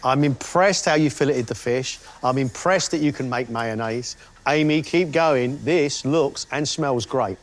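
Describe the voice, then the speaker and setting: A man's voice: medium pitch, a little slow. A man judging a cooking competition, quizzing contestants with upbeat, emphatic questions and encouragement.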